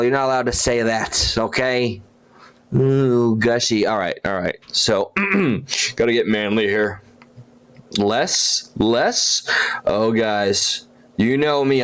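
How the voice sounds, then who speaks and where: A man chatting on a livestream, rambling and gushing as he trips over his own words. His voice sits at a middling pitch, and he keeps restarting sentences mid-thought. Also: smooth. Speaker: livestream host. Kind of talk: casual livestream chat.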